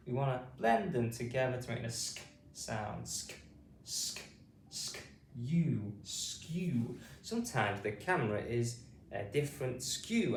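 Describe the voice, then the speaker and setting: A British man leads a phonics lesson at a slow, deliberate pace, with a lively pitch that rises and falls on each word he sounds out. His voice sits a little back from the mic in a roomy space. Faint noise sits underneath. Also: recorded from a distance. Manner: slow, deliberate, sounding out letters and repeating words. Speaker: phonics teacher.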